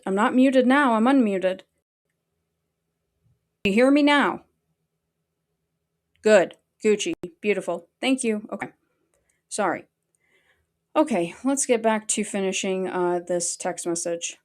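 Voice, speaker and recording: A woman's voice: medium pitch, slow pace, long pauses. Angry, swearing woman livestreamer. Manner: angry, heavily profane. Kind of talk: livestream rant.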